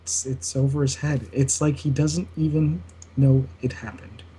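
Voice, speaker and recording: A man's voice: medium pitch, fairly even intonation, a little slow, warm tone, a little hiss or hum. Sarcastic young man co-hosting. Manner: sarcastic, teasing, laughs often. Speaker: podcast co-host. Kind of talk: casual gaming podcast chat.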